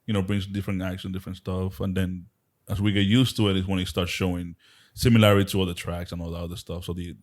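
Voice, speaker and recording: A man co-hosting a racing podcast, chatting casually and excitedly, often laughing and repeating words as he talks. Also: sits low, fast talker, hardly any pauses. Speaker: podcast co-host. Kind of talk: casual chat.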